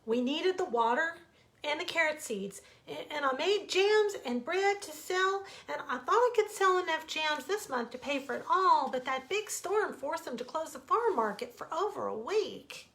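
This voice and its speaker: A woman's voice: high-pitched, lively intonation, normal speed, fairly bright tone, voice pushed up. A woman voicing an anxious, devoted mother rabbit in a bedtime storybook reading, with a pleading, emotional manner. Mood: fretful.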